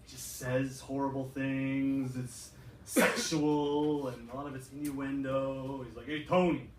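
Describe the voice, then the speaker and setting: A Canadian man doing a stand-up comedy set, animated and acting out characters, with a laughing audience. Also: mid-range voice, slow, a little hiss or hum. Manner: animated, acts out characters in put-on voices. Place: club stage with a laughing crowd. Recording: roomy, distant crowd recording.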